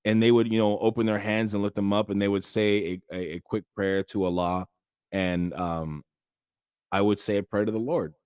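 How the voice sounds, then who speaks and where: A man's voice: fairly low pitch, fairly even intonation, normal speed, darkish tone, clear, resonant tone, dry recording, clean studio sound. A man hosting a podcast, talking earnestly and casually with frequent fillers. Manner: earnest, conversational, many fillers. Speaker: podcast host. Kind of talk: casual monologue on faith.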